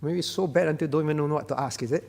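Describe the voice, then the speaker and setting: A man's voice: on the high side, very fast, gravelly, a little mellow, big-room sound. A man, a pastor, explaining a Bible question to a congregation, often checking in with "all right?". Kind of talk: Bible Q&A teaching.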